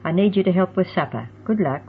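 A woman voicing a kind, calm middle-aged mother who speaks in a gentle, measured way. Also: lowish voice, a little hiss or hum. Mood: kindly. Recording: tinny phone-like sound.

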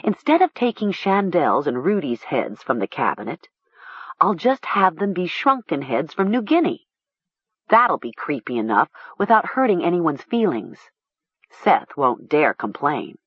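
A woman's voice: low voice, very animated, measured pace, breathy edge, no room sound, muffled recording, exaggerated voice. A woman voicing a nervous, cornered teenage girl who sounds anxious and pleading.

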